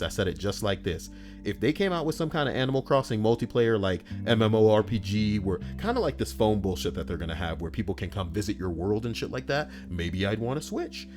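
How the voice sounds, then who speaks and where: A reddit story reader with a lowish, slightly mellow voice reads internet stories aloud, adding casual, profane commentary. He rants and laughs at his own jokes over faint background music.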